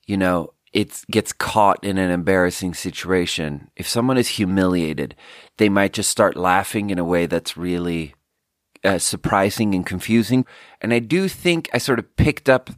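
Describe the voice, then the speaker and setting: A man's voice: lowish voice, no room sound, studio quality. A man hosting a casual solo podcast, rambling and self-deprecating with lots of filler words while he tastes drinks. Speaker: podcast host.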